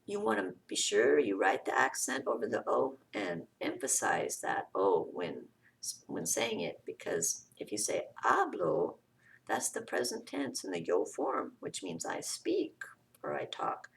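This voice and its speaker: Gravelly-voiced woman teaching Spanish grammar. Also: very deep voice, big pitch swings, measured pace, distant mic. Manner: explains step by step, often says "okay". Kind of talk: grammar lesson.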